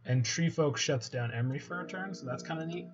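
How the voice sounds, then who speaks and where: A man from Canada giving casual gameplay commentary, chatty and joking as he thinks out loud. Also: a little high, brisk. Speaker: game streamer. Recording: slightly muffled with faint hiss.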